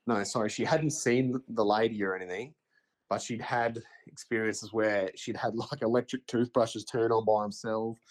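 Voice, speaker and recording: A man in his thirties with an Australian accent, telling a ghost story as a podcast guest in a halting, hesitant way with many fillers. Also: on the low side, steady tone. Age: 30s. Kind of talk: casual storytelling.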